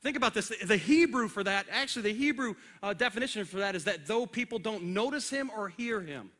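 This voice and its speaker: A male pastor preaching on a church stage, with a very high pitch. His voice is bright and forceful, and he talks with animation and acts out little scenes. He speaks into a stage microphone. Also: expressive, fairly quick. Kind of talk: sermon. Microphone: handheld or stage microphone.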